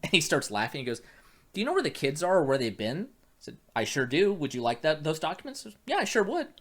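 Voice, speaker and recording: A man's voice: on the high side, quick pace. A man working as a private investigator, telling a long story in casual chat and acting out the dialogue, with many restarts. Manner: animated, acts out quoted dialogue with many restarts.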